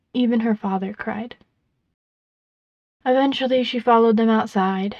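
A woman narrating a story expressively, going softer in the sad passages. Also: on the high side, dry recording, muffled recording.

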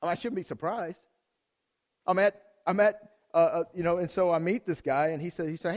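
A male pastor delivers a loose, conversational sermon with a slightly raised pitch. He speaks straight to the congregation with plenty of energy, doubling back on words and restarting phrases as he goes. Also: a little fast. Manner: addresses the congregation directly.

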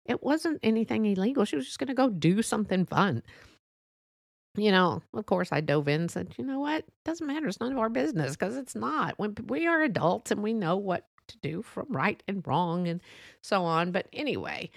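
A woman's voice: medium pitch, animated, moderate pace, gravelly, no room sound, clean studio sound. A woman telling a personal story in a chatty, rambling way, with lots of asides. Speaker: podcast storyteller. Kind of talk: casual storytelling monologue.

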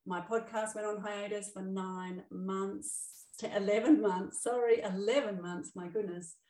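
A woman's voice: medium pitch, fairly even intonation, a little slow, darkish tone, echoey room, distant mic, poor audio. A middle-aged woman hosting her own podcast as an emotional balance coach, talking in a chatty, upbeat way with fillers and self-corrections. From Australia. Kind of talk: solo podcast monologue.

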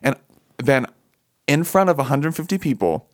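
A man telling a personal story in casual chat, animated, laughing often and full of fillers. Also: fairly high pitch, normal speed.

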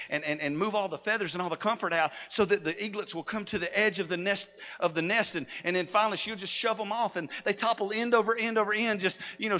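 A man preaching a sermon as pastor, telling a story dramatically and swinging from shouts to near-hushed lines. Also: high voice. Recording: dull lo-fi sound with long hall reverb.

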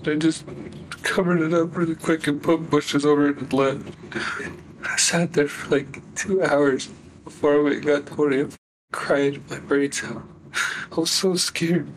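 A young man recounting events in a halting, flat way with many fillers, in a recorded interrogation. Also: a little high, a little hiss or hum, poor audio. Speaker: suspect giving a confession.

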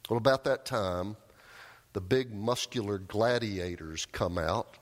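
A man preaching a sermon, telling a story with raised cries and quiet, low emphasis. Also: slow pace. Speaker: pastor. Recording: long hall reverb.

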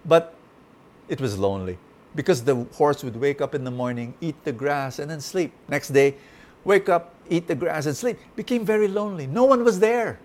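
A man's voice: a little high, animated, moderate pace, darkish tone. A man preaching a sermon, telling a parable and then praying, earnest and repeating key phrases for emphasis.

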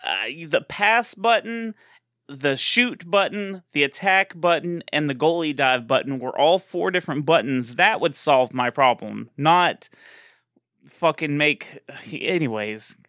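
A man's voice: fairly high pitch, expressive, unhurried, sharp tone, no room sound, clean studio sound. A man from Texas, co-hosting a casual gaming podcast, laughing often and swearing casually. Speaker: podcast co-host.

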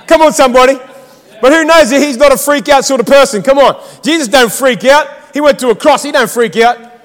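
High-voiced fired-up man preaching. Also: fairly quick, fairly bright tone, big-room sound. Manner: fired-up, exhortative, calls to the congregation. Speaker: pastor. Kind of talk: sermon. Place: church.

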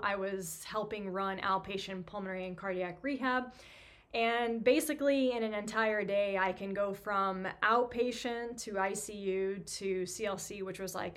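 Chatty New woman telling a story. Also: medium pitch. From New York. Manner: chatty, self-deprecating, lots of fillers. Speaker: podcast host, physical therapist. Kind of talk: casual storytelling monologue.

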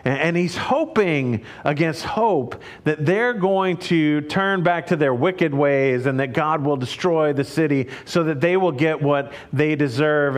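A man preaching a sermon, retelling a story in a lively way, often repeating words as he goes. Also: fairly high pitch. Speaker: pastor.

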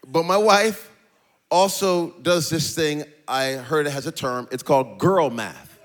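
A male pastor preaching a sermon in a sing-song cadence, building to shouts and breaking into jokey asides with laughter. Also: fairly high pitch, unhurried. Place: church stage.

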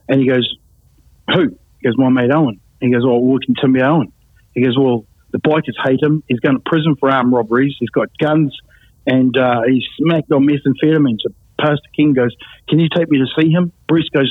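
A man's voice: mid-range voice, brisk, slightly rough, dry recording. Man telling a story over a tinny line. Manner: animated, acts out voices, laughs often. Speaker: guest telling his testimony. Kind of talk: casual storytelling. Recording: tinny phone-like line, dry.

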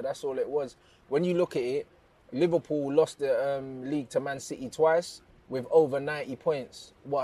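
Husky man with dry sarcasm. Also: mid-range voice, mellow. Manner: dry, sarcastic put-downs. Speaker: comedic fan pundit.

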